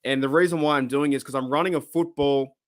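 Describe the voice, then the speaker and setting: A man's voice: mid-range voice, fairly even intonation, fast talker. A man hosting a casual live-streamed fan podcast, rambling and reacting to chat comments. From Australia.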